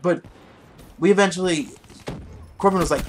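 A man's voice: high-pitched, lively intonation, moderate pace, long pauses. Young guy rambling thru a story while gaming, swears a lot, voice jumps around, bit of hiss. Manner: rambling, profane, easily distracted by the game. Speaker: gameplay commentator. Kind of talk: casual storytelling over gameplay.

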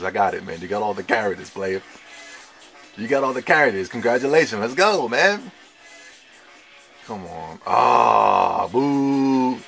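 Gravelly excitable young gamer man. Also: medium pitch. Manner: excitable trash talk with slang, shouts and laughs. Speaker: gamer playing online. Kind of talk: live gameplay commentary.

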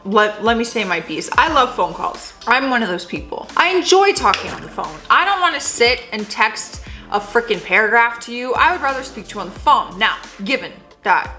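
Bright, lively, sassy woman reacting. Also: a little high, normal speed, faint music behind. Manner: sassy, playful, laughs often. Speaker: host reading and reacting to text messages. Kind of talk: casual reaction commentary.

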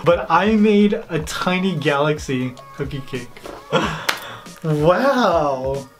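Bubbly host doing voice-over commentary, excitable, gasps and giggles, a little hoarse, faint music underneath. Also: medium pitch, takes it slowly. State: slightly hoarse, losing voice. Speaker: baking channel host. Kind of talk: voice-over commentary on old footage.

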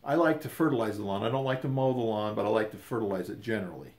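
An older man casually telling a rambling, animated story with repeated words and restarts. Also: lowish voice, racing.

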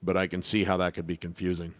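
A man's voice: sits low, monotone, fast, no room sound. A man running a casual live piano Q&A lesson, rambling and self-deprecating, with many restarts. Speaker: piano teacher.

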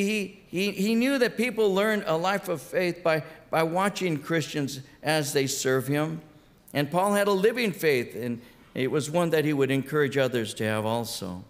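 A male pastor preaching a sermon in an earnest way, often repeating words as he builds his points, in a large conference hall. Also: high voice. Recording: long hall reverb.

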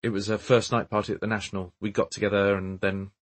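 A man reading the part of a nervous young English actress in an audiobook, quiet and hesitant. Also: fairly low pitch, little pitch movement, fast talker, close to an everyday voice. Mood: wistful.

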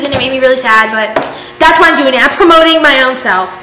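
Late at night at home, a sleepy young woman vlogs casually, chatting to the camera in a tired, rambling way and often cutting herself off to start over. Her voice is a little high and quick. The room is echoey with a faint hum.

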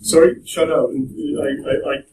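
A man's voice: mid-range voice, fairly even intonation, a little slow, dark tone, a little hiss or hum. Young male guest speaker, chatty and jokey, echoey room, heard from a distance. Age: young adult. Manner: chatty, joking, with restarts. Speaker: guest speaker at a university talk. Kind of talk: casual presentation to students. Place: lecture room.

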